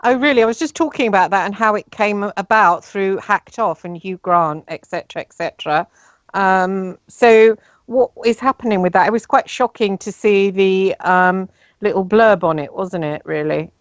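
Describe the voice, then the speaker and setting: A woman's voice: mid-range voice, moderate pace, no room sound. Woman, English accent, radio host, exasperated chat, muffled dry sound. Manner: chatty, exasperated, rambling with many fillers.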